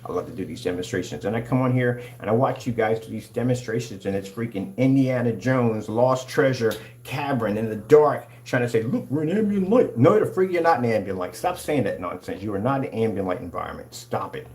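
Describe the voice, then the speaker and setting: A man's voice: fairly low pitch, fairly quick, few pauses, a little mellow. Hyped-up man ranting over demos. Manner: hyped, combative, preachy. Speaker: screen paint company owner. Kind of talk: excited product demonstration rant.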